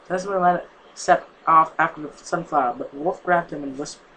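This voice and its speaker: A man's voice: fairly high pitch, brisk, sharp tone, a little hiss or hum, rough recording. A man casually reading a fanfic aloud, stumbling and correcting himself, his voice strained from a sore neck. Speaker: fanfic reader.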